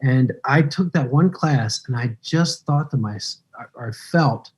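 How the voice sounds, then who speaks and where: A husky American man in his fifties, a guest actor, tells stories in a casual interview. His mid-range voice is unhurried and relaxed, and he rambles, acting out quoted dialogue.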